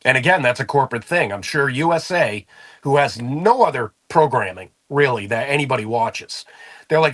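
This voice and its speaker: A man's voice: a little high, lively intonation, normal speed, a bit bright. A man co-hosting a wrestling podcast, complaining bluntly and casually with swearing. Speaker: podcast co-host. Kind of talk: casual wrestling talk show chat.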